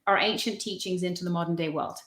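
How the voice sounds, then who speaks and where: A woman's voice: fairly low pitch, steady tone, fast talker, a bit bright, reverberant. A woman guest on a live-stream video call, telling personal anecdotes in a chatty, storytelling way. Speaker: guest feng shui consultant.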